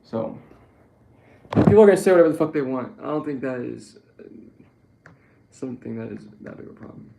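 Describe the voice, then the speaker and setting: Gravelly man ranting casually, echoey room. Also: medium pitch, expressive, fairly quick, long pauses, background noise. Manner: rambling, profane, self-correcting. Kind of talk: casual political monologue. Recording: echoey room with faint ambience.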